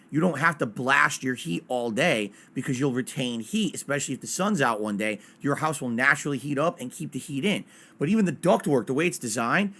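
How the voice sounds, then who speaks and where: A man streaming from his small home office, chatting casually and ranting with plenty of swearing. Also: mid-range voice. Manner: animated, ranting, swears freely. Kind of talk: casual solo stream chat.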